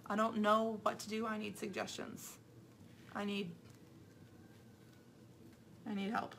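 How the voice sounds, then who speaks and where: A woman's voice: medium pitch, level tone, takes it slowly, creaky, a bit bright, a little hiss or hum. A young mother, chatting casually while she crafts, rambling and repeating herself. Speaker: craft vlogger.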